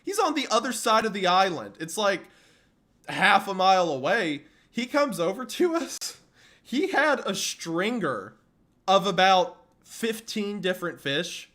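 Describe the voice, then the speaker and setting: A man with a fairly high voice tells a rambling family story in a relaxed, chatty way. He laughs often and bursts into loud acted-out quotes. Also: unhurried. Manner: animated, laughs often, acts out quotes loudly. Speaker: streamer. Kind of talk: casual storytelling.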